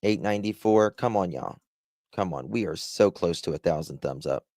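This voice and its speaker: Southern guy rambling on a live stream, deep voice, dry close mic. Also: expressive, moderate pace, a little mellow, no room sound. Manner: rambling, reads chat aloud and thanks viewers. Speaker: livestream host. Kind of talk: casual livestream chat.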